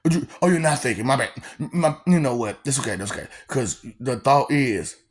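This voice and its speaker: A man's voice: medium pitch, expressive, a little fast. A man giving a rambling, mocking rant to his audience, laughing often between lines and repeating phrases. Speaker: vlogger.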